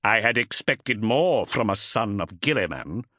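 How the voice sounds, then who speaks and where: A man puts on a menacing warship commander for an audiobook, a villain who snarls and snaps his orders. The delivery swings widely in pitch, and the recording is close and dry. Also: big pitch swings, unhurried, pushed and bright, no echo, full character voice. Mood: scornful. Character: menacing male warship commander, arrogant and cold.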